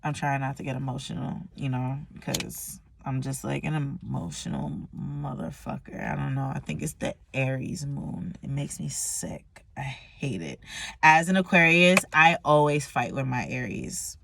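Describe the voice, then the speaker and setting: Gravelly-voiced young woman vlogging candidly. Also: rumbling low, normal speed, hardly any pauses, a little hiss or hum. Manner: emotional, candid, swears freely, slangy. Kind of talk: candid personal vlog monologue.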